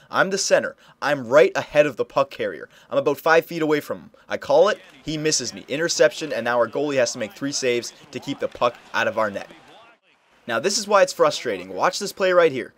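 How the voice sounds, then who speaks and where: A young man hosting a casual game tutorial, explaining plays over footage in a coaching tone and often checking in with "okay?". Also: mid-range voice. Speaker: video game tutorial host. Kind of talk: casual gameplay tutorial commentary.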